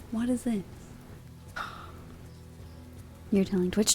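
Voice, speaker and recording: A woman streaming live ASMR, chatting casually and playfully, drifting between soft whispers and quiet talk from a home sound booth. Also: mid-range voice, a little slow, creaky, pauses often, faint music behind.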